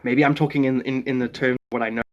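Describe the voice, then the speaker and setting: A man's voice: mid-range voice, fairly even intonation, fast, muffled recording. A man from South Africa with a South African accent, chatting casually on a live stream, greeting viewers by name and musing aloud in a rambling way.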